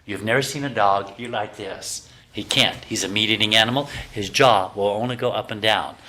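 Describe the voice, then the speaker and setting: A man giving a lively health lecture to a class of students, teasing his listeners and firing rhetorical questions at them. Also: on the low side, moderate pace. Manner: animated, teasing, full of rhetorical questions to the audience. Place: talking to a live class of students.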